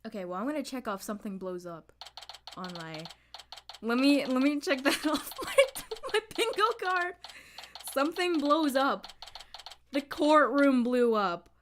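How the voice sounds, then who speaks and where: A young woman commenting excitedly while playing a video game, exclaiming and laughing often. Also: sits high, measured pace, a little hiss or hum. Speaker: gaming streamer. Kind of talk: let's play commentary.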